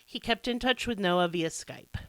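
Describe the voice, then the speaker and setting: An American woman hosts a true crime podcast with a bright, forceful voice. She talks casually and irreverently, pokes fun at herself, and swears now and then. The sound is close and dry. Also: fairly low pitch, moderate pace, clear, resonant tone, no echo. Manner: casual, irreverent, self-deprecating, occasional swearing. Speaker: podcast host.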